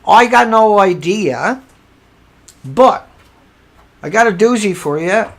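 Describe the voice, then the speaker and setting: A man's voice: high-pitched, animated, slow. A man hosting a live stream, insisting on his point and repeating himself, often breaking off to fix audio trouble. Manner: distracted while fixing audio, trails off. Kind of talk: livestream commentary.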